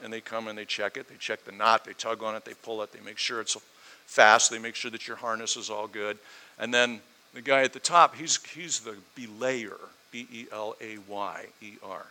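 A man's voice: fairly low pitch, normal speed, pushed and bright. A man preaching a storytelling sermon, building his points through emphatic repetition.

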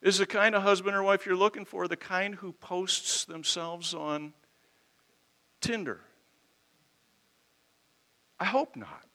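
A man's voice: high-pitched, bright, forceful tone. A man preaching an expository sermon in an emphatic, conversational way, with rhetorical questions and folksy asides.

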